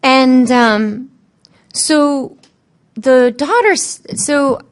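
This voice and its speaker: A woman's voice: high-pitched, clear, resonant tone. A woman on a panel telling stories from her work as an animal communicator, acting out what the animals and people said. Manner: lively, quotes animals and people in changing tones; halting, frequent fillers and restarts. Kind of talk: storytelling on a panel.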